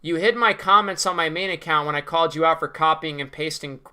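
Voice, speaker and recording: A man's voice: on the high side, fairly quick, pushed and bright, smooth. A young man ranting in a commentary vlog, sarcastic, profane and mocking. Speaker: video creator.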